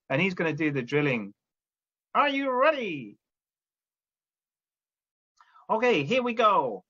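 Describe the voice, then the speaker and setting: A man with a slightly high, somewhat bright voice trains teachers, walking through classroom drilling step by step and frequently checking in with "okay?". The recording sounds muffled.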